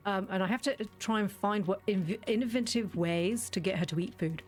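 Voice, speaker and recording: A woman's voice: mid-range voice, normal speed, darkish tone. A woman chatting and rambling through a game playthrough, often correcting herself and laughing. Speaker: streamer. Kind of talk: let's play commentary.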